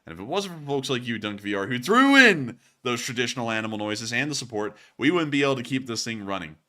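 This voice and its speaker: A man hosts a livestream in a bright, forward voice. He rambles casually, padding his thoughts with fillers as he answers questions and thanks his viewers. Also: mid-range voice, big pitch swings, fast talker. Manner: rambling, chatty, frequent "uh" and "let's see here". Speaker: war news show host.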